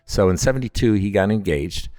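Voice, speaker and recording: A man's voice: fairly quick, faint music behind. A middle-aged man from upstate New York, telling stories as a distillery founder in a casual interview, acting out the voices of the people in them. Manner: animated storyteller, acts out quoted voices with big pitch jumps. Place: at his distillery.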